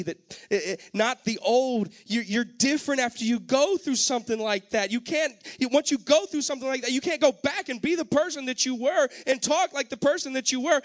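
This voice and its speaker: A man preaching a sermon, moving between loud, fervent exhortation and quiet, personal storytelling. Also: very high-pitched. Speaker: pastor.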